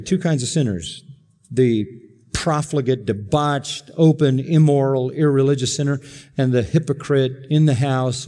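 Emphatic preacher in a reverberant hall. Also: male voice, medium pitch. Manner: emphatic preacher, dramatic swings between loud and hushed. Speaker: pastor. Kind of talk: sermon.

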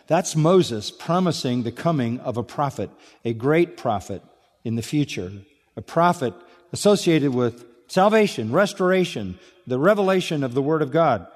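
A man preaching an expository sermon, moving between quiet intensity and raised, emphatic delivery. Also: a little high. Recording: long reverb of a large hall.

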